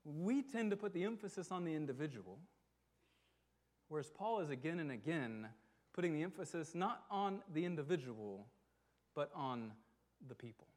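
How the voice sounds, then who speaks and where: A pastor delivering a sermon to his church, earnest and emphatic, slowing on key words and asking rhetorical questions. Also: on the high side, animated, a little mellow.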